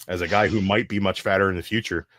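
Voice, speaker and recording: A man hosting a casual live stream chat, swearing freely and telling stories in an animated way. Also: sits low, no room sound, clean studio sound. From United States. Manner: profane, ranting, animated storytelling. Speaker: show host.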